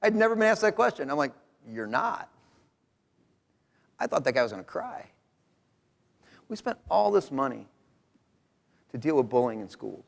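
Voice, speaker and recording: A middle-aged man from Rochester, New York presents research at a conference with a fairly high voice, vocal fry, a slightly fast pace, and frequent pauses. His lecturing is joking, animated, and conversational, recorded with hall reverb.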